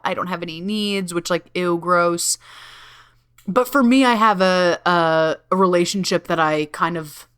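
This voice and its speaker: A woman's voice: fairly low pitch, pushed and bright, smooth. A woman hosting a podcast in a casual solo talk, bubbly and giggly, swearing freely and filling her speech with likes and ums. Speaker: podcast host.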